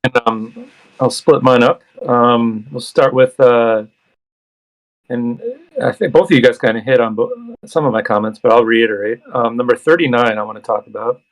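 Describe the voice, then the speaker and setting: A man's voice: mid-range voice, steady tone, normal speed, lo-fi sound. Man reading and discussing scripture. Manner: reads verses aloud, then comments conversationally. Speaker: host and scripture reader. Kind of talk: casual bible study discussion.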